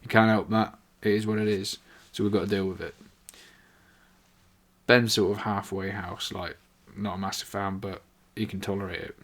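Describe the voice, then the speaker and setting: A man's voice: fairly low pitch, little pitch movement, moderate pace. A young man casually telling a rambling, sweary story, full of "like" fillers. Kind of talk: casual anecdote.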